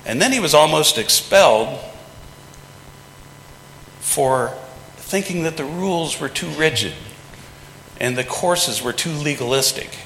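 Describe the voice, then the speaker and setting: A man's voice: on the high side, expressive, a little slow, vocal fry, pauses often, a bit bright, a little hiss or hum. A man preaching a sermon from the pulpit in a folksy, conversational way, acting out quotes in plain everyday speech. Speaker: pastor. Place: large church sanctuary. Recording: echoey hall with long reverb.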